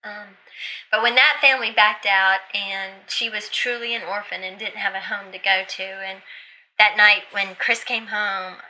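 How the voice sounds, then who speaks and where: A middle-aged woman, a podcast guest, telling an emotional story in casual conversation and jumping higher in pitch when she quotes others. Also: steady tone, unhurried, bright, forceful tone, a little hiss or hum, low-quality recording.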